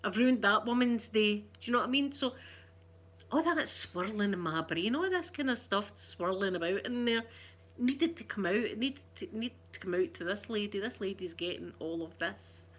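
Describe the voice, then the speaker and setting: A Scottish woman talking to her viewers in a loose, rambling livestream chat. Her voice sits at a middling pitch, and she teases herself as she goes. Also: animated, moderate pace, fairly bright tone. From Scotland. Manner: rambling, chatty and self-teasing. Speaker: ASMR streamer chatting with viewers.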